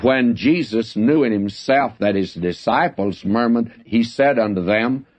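Slow, earnest male Bible teacher. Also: mid-range voice. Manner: slow, earnest, folksy phrasing. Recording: dull lo-fi recording.

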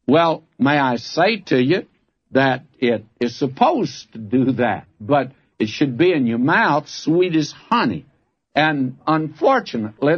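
Older man teaching the Bible, husky voice. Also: medium pitch. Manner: folksy, earnest, addresses listeners as friends. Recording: dull lo-fi archival recording.

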